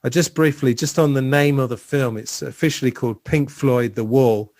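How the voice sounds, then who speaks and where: A man hosting a film podcast, chatting loosely and wandering from one bit of trivia to the next. His voice is middle-pitched and sits close and dry, with no room sound around it. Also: fairly even intonation, moderate pace, a little mellow, no echo. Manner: chatty, rambling, trivia-filled storytelling. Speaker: podcast host. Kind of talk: casual film podcast chat.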